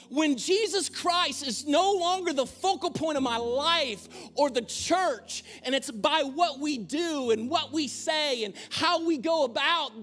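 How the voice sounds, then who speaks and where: A man's voice: very high voice, a bit bright. A male pastor preaching a sermon in a church, conversational, with humorous asides. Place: church auditorium.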